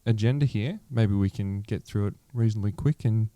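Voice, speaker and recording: An Australian man hosts a casual podcast chat in an upbeat, jokey, matey way. His voice is low-pitched, mellow and smooth, and the recording is dry and close. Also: a little fast, no echo. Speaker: podcast host.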